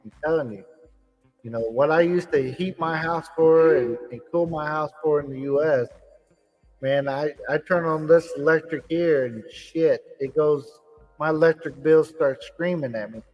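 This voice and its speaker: A man's voice: on the high side, moderate pace, long reverb tail, dull audio, soft background music. Easygoing man, swearing casually. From Indiana, USA. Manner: laid-back, joking, swears casually. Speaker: vlog host. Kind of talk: live-stream casual chat.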